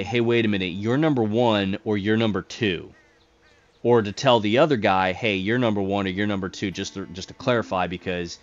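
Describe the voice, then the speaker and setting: A man with a lowish voice tells a long story to his gaming audience, stumbling over and repeating words as he goes. He acts out the radio calls and swears when the tension rises. The recording is dull and somewhat lo-fi. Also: smooth. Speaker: gaming channel host telling a story. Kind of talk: casual storytelling over gameplay.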